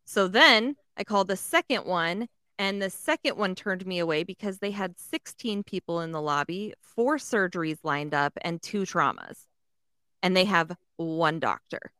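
Woman podcaster from Texas, animated storyteller, dry studio mic. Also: lowish voice, moderate pace, smooth, no room sound. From San Antonio area, Texas. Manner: animated, swears freely, acts out other people's lines. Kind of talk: casual storytelling chat.

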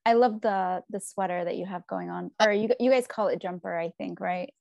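A woman's voice: on the low side, normal speed, creaky, darkish tone, no echo, lo-fi sound. A woman from California with an American accent in casual chat on a video call, friendly and curious, with many fillers.

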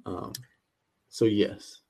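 A man's voice: drawn-out words, mellow. A young man co-hosting a podcast, giving brief, agreeable replies in casual chat. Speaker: podcast co-host.

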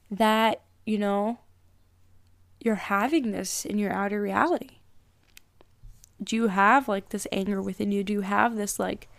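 Casting note: young woman, podcast host, casual spiritual musing, rambling delivery, slightly high voice, dry recording. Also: no room sound. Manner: rambling, filler-heavy, frequent "like".

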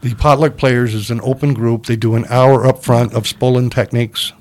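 A man's voice: mid-range voice, moderate pace. An older man telling a long comic story, acting out the people he quotes. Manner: animated storyteller, acts out quotes. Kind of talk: casual storytelling chat.

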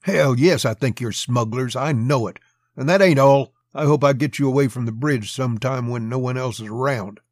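A man's voice: mid-range voice, normal speed, no echo, natural voice. A man voicing a hot-headed young customs officer who speaks bitingly and full of hate. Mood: hostile. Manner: biting, hateful.

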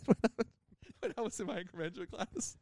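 A man's voice: sits high, big pitch swings, fast, gravelly, darkish tone, no room sound, studio quality. A man, telling a rambling story on a podcast with lots of laughter. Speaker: podcast host. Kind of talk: casual storytelling.

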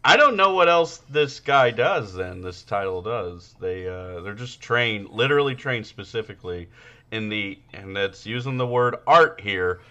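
A man's voice: lowish voice, animated, a little slow, sharp tone, muffled recording. A man co-hosting a podcast, trading profane jokes in casual chat and often laughing. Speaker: podcast co-host.

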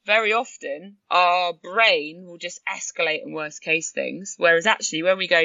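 A woman, a podcast guest talking through her experiences in an animated way and acting out her own thoughts. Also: fairly low pitch, moderate pace, gravelly, hardly any pauses, no echo, dull audio. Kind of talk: conversational storytelling.

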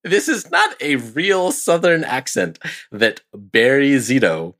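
A man co-hosting a casual sports podcast, chatty and quick to laugh. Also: mid-range voice, big pitch swings, fairly bright tone. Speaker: podcast co-host.

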